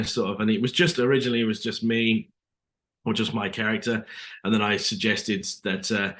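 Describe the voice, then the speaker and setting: A man's voice: lowish voice, fairly bright tone. A man with an English accent, a guest actor talking casually in an interview, rambling with lots of fillers. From England.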